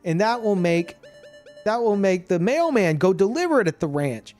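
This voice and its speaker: A man streamer chatting casually about a video game, animated and profane, laughing often. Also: sits high, moderate pace, soft background music.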